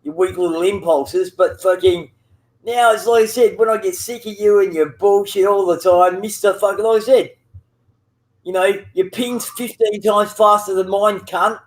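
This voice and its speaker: High-voiced man, foul-mouthed. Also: fairly even intonation, normal speed. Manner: profane, rambling, teasing. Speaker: gamer chatting with a friend. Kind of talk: casual banter over voice chat.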